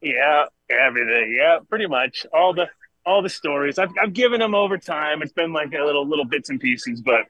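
A man's voice: fairly high pitch, lively intonation, brisk, bright, forceful tone, no room sound, dull audio. A man from Rhode Island hosting a podcast from a cannabis club over a video call, telling rambling, profane stories in casual chat. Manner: rambling, profane, laughing storyteller. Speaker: podcast host. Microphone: camera on a video call.

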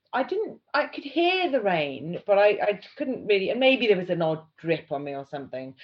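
A woman co-hosting a podcast, telling a story in a casual, animated way. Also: fairly low pitch. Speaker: podcast co-host. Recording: dull lo-fi sound.

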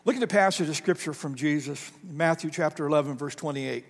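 A man's voice: fairly high pitch, fairly quick. A male pastor preaching a sermon in a church sanctuary, emphatic with frequent repeats. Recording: long church hall reverb.

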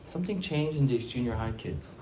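A pastor preaching a conversational sermon, telling stories in an animated way that swings from quiet to loud, often repeating and restarting phrases. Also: medium pitch, fairly quick, roomy sound, slight background noise.

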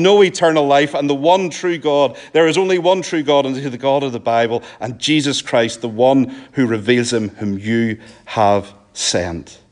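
A man with a Northern Irish accent preaching a sermon, earnest and pleading, often sinking to a soft, low emphasis. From Northern Ireland.

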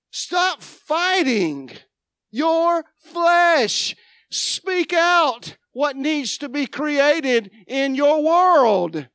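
A woman preacher, giving a dramatic sermon, moving from loud proclaiming to quiet asides. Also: high voice, dry recording, studio quality. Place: church sanctuary.

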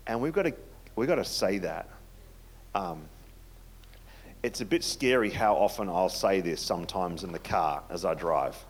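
A man preaching a conversational sermon in a chatty, self-deprecating way, often dropping to a soft, hushed tone. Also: sits low, animated, moderate pace, long pauses. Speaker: pastor.

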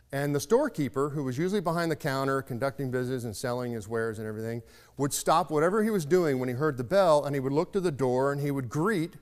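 Earnest male preacher, reflective storyteller, mid-pitched, long reverb of a big church. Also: darkish tone, smooth. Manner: earnest, reflective, varies pace for emphasis. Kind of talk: sermon with storytelling. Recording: long reverb of a large hall.

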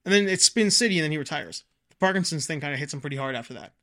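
A man's voice: fairly high pitch, lively intonation, racing, bright, forceful tone. A man in casual, rambling conversation about films, enthusiastic and swearing freely. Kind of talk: casual movie chat.

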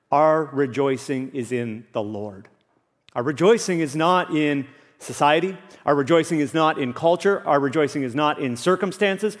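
A man's voice: mid-range voice, big-room sound. A man preaching a Sunday sermon as pastor, earnest and emphatic, repeating key phrases for weight.

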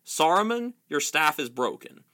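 A man voicing a stern, commanding old male wizard who speaks slowly and deliberately, read aloud from a book. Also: fairly high pitch, animated, pushed and bright.

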